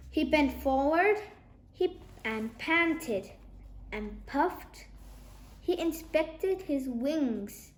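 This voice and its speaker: A woman reading a children's novel aloud, narrating in an expressive, lively way, recorded in an echoey room. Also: high voice. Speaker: storybook narrator.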